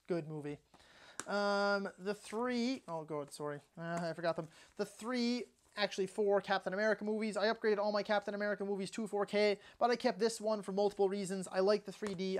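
A young man with a voice that sits high talks casually and enthusiastically through his movie collection in a home video walkthrough, offering quick opinions and asides.

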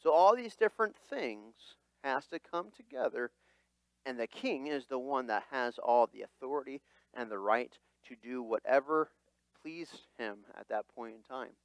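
Animated, lively-voiced male pastor preaching. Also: medium pitch, measured pace, gravelly, no echo. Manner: animated, dramatic voicing of quotes. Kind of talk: sermon. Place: church.

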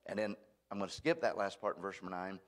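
A man's voice: deep voice, lively intonation, fast. A man preaching a sermon at a church, folksy and emphatic, joking at his own expense. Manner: folksy, emphatic, self-deprecating. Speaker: guest preacher.

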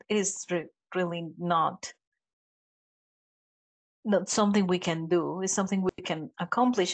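A woman's voice: fairly low pitch, poor audio. A woman hosting a podcast interview, mostly giving brief affirmations before summing up. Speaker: podcast host.

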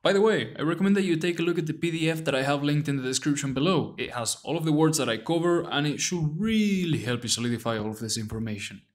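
A man narrating a language lesson, repeating phrases slowly and deliberately. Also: fairly high pitch, expressive. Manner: slow, deliberate repetition of phrases. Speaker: language teacher.

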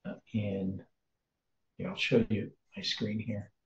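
A man teaching scripture in a slow, unhurried way, stopping often to think aloud and filling gaps with ums and uhs. His voice sits at an ordinary pitch and sounds roomy and a little dull, recorded on a computer mic while he shares his screen. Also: little pitch movement, vocal fry. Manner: thinking aloud, hesitant with many fillers. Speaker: Bible study teacher. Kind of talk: informal Bible study teaching.

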